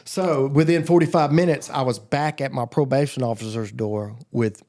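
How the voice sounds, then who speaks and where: A man's voice: medium pitch, steady tone, moderate pace, mellow. A man from the Southern United States, a podcast guest telling his recovery testimony in a loose, rambling way, often acting out the voices of people he quotes. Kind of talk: casual storytelling.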